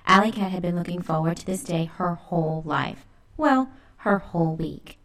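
Narrating a children's picture book, a woman speaks with lively expression in a lowish voice, keeping her pace moderate.

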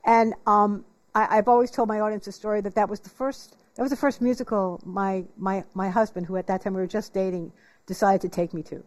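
A woman's voice: medium pitch, fairly even intonation, fairly quick. Earnest, emotional woman host. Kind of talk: interview conversation.

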